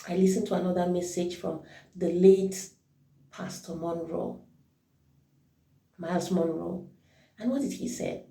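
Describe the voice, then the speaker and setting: A woman's voice: lowish voice, fairly even intonation, unhurried, vocal fry, pauses often, mellow. A woman giving an informal devotional talk as a worship leader, reflective and thinking aloud as she corrects herself. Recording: roomy echo, mic at a distance.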